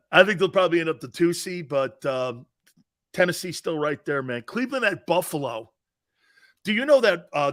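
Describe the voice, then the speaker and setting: Middle-aged guy hosting a sports show, kinda high voice, cracking jokes and laughing, keeps restarting his sentences. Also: a bit bright. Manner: joking, laughs often, trails off and restarts. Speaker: sports talk show host. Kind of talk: casual sports talk show banter.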